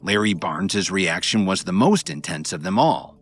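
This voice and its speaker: A man narrates an audiobook in a lowish voice with very lively, expressive intonation. He tells the story with dramatic flair while faint music plays underneath. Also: normal speed. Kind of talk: audiobook narration of a web novel.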